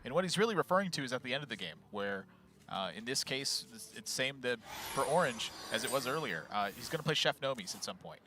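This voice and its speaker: A man's voice: mid-range voice, sing-song, fast, background noise. A man casting a live card-game match, chatty and playful, joking with his co-caster. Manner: chatty, playful, laughs often. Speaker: esports caster.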